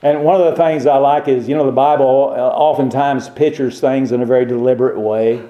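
A man's voice: mid-range voice, steady tone, fairly quick, lo-fi sound. A man preaching a sermon, emphatic and fond of rhetorical questions. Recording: roomy echo.

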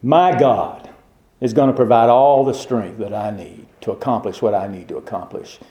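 A man's voice: on the low side, fairly even intonation, moderate pace, roomy sound, highs cut off, natural voice. A man voicing a young, confident shepherd warrior, speaking with earnest resolve in a sermon retelling. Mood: resolute.

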